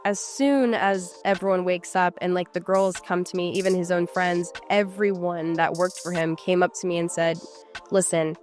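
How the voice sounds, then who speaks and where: A woman's voice: on the low side, fairly even intonation, moderate pace, few pauses, faint music behind. Hesitant young woman recounting casually. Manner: hesitant, many likes and restarts. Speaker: interview guest.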